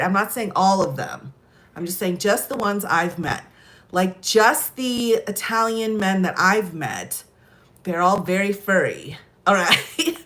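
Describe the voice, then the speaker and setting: A woman's voice: mid-range voice, fairly bright tone. A woman chatting casually on a live stream, telling stories and laughing often. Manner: giggly, chatty, lots of laughter.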